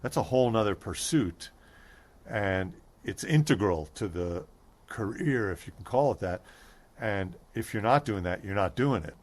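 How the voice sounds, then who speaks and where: A man's voice: fairly low pitch, animated, moderate pace, darkish tone. A man being interviewed as a stand-up comedian, talking in a thoughtful way with restarts and dry humor. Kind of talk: casual interview chat.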